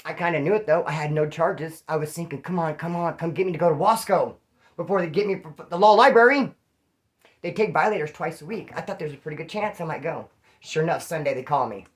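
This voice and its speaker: Fast-talking slangy man telling stories. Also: on the high side. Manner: profane, slangy, acts out other people's lines. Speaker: former inmate storyteller. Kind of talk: casual storytelling.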